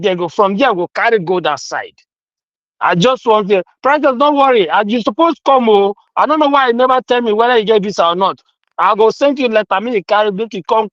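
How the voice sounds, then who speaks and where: A high-pitched man with a Nigerian accent speaks animatedly, slipping between Pidgin and English. His voice comes through dry and close, over a dull, lo-fi online call. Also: fairly bright tone, dry recording. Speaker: guest speaker. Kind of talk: casual political chat.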